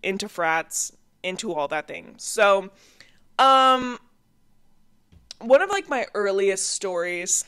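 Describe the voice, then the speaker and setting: A young woman hosts her own podcast and tells stories in a casual, animated way. Her voice is smooth and clear, at an ordinary pitch for a woman. She laughs easily as she talks. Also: takes it slowly, long pauses. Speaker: podcast host. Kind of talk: casual storytelling.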